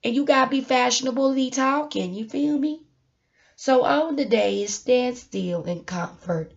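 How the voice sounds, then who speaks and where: Rambling woman, high voice, dull lo-fi phone sound, casual motivational talk. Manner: rambling, laughing, swings from loud to hushed. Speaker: motivational vlogger.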